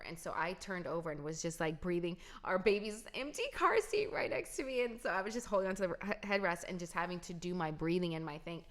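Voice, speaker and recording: Lower-voiced woman telling a story. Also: animated, brisk, few pauses. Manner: emphatic, talks straight to viewers. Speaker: vlogger. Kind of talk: casual personal storytelling.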